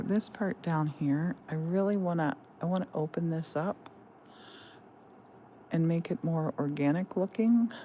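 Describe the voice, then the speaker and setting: A woman's voice: sits low, mellow, a little hiss or hum. A woman hosting a live stained glass demonstration in her craft studio, explaining each step in a chatty way and greeting viewers. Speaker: stained glass artist and host.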